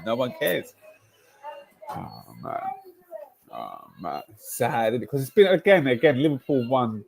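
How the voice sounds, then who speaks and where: A man, hosting a casual football livestream, ranting in slang and swinging between loud outbursts and low mutters. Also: noisy background. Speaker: football streamer.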